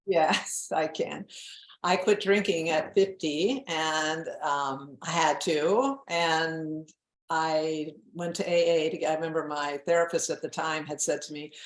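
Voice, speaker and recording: A woman in her seventies talks as an interview guest, candid and self-mocking, with frequent laughs. Her voice sits a bit low. The room around her is echoey. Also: steady tone, a little slow. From New England. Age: 70s. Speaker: guest author. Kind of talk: casual interview chat.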